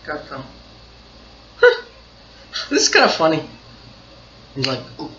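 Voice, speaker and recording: A man hosting his own anime reaction video, chatting casually. He gets excited, laughs a lot and repeats himself. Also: on the high side, slight background noise. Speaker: anime reaction channel host. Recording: dull, echoey room recording.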